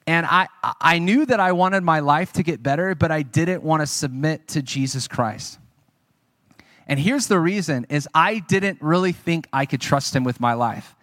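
A man's voice: on the high side, moderate pace, fairly bright tone, no echo, studio quality. A man preaching a sermon, telling his own testimony in an earnest, conversational way and speaking to the audience.

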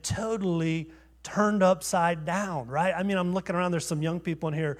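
A man's voice: high voice, fairly even intonation, moderate pace. A man, preaching a sermon as a guest pastor in a church, conversational and self-deprecating, asking rhetorical questions. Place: church sanctuary.

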